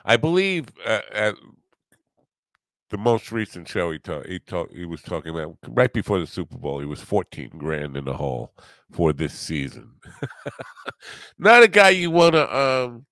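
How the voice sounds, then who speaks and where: An older man hosting a podcast in casual, rambling chat, halting often and joking at his own expense. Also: deep voice, big pitch swings, fairly bright tone, no echo. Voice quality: rambling, halting, self-deprecating. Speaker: podcast host.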